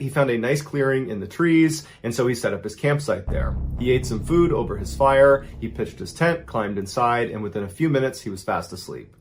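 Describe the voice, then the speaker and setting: A man's voice: mid-range voice, slight background noise. A man narrating a true horror story in a suspenseful storytelling style. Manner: suspenseful, builds tension with rising intensity.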